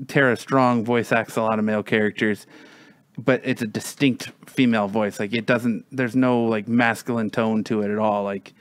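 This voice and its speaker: A man's voice: on the low side, no echo. A man chatting casually, rambling with many restarts, fillers and some swearing. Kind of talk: casual chat.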